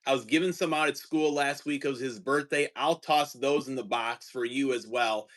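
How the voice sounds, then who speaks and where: A man's voice: mid-range voice, normal speed, a bit bright. A man hosting a casual livestream chat from home, easygoing and rambling. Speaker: teacher and card-collecting stream host.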